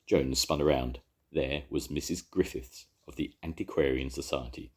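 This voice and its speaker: Brief: older male storyteller, very deep, husky, lively reading. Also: normal speed. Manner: expressive reading. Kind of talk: children's story read aloud.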